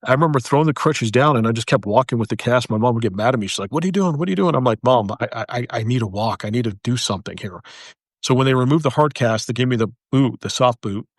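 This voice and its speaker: A military veteran, a man, earnestly telling his personal story, halting and repeating phrases for emphasis, and speaking softly in the heavy moments. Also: mid-range voice, dry recording, clean studio sound.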